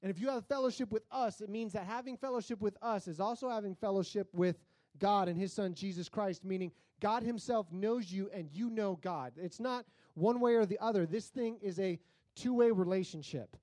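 Male pastor with a high voice, dry close sound, chatty sermon storyteller given to sudden loud comic bursts. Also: moderate pace, no echo.

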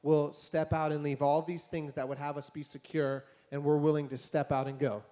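Animated male pastor telling stories. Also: on the high side, moderate pace. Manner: conversational, animated, acts out dialogue. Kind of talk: casual sermon with storytelling. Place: church hall before a congregation.

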